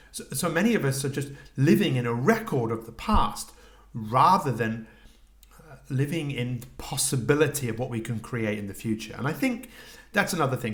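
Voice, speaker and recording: A middle-aged man with a mid-range voice hosts a solo coaching podcast. He speaks reflectively, poses questions to the listener, and often restarts his sentences.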